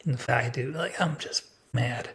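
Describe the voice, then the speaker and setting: Speaking to camera in a laid-back personal vlog, a man in his 30s gets blunt and rambles, leaning heavily on filler words. His mid-range voice has a fairly bright tone and moves at a moderate pace.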